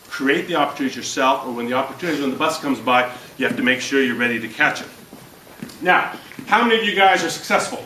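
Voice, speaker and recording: A man giving an energetic, jokey motivational talk to a business audience and questioning the crowd. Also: a little high, echoey room, recorded from a distance, a little hiss or hum, low-quality recording. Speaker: speaker at a business event. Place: event room before an audience.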